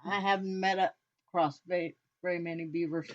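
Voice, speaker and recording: A woman's voice: on the low side, fairly even intonation, fairly quick. Laid-back woman co-host, lo-fi audio. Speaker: podcast co-host reading listener chat. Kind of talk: casual chat. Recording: dull lo-fi podcast audio.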